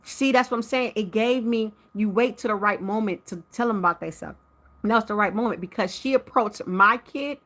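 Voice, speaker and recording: A woman with a bright, forceful voice recounts a run-in with a neighbor on a live stream. Her pitch sits in a middle range. She talks straight to her viewers, heated and animated. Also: fairly quick. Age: adult with a teenage son. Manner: addresses viewers directly. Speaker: livestream host.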